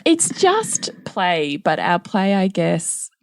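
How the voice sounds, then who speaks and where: A middle-aged woman chats on a podcast, laughing as she goes and putting on voices for her family. Her voice sits fairly low but leaps around a lot. The sound is close and dry. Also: slow, no echo. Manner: laughs often while telling stories; acts out family members' lines in lively voices. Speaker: podcast co-host. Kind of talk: casual podcast chat.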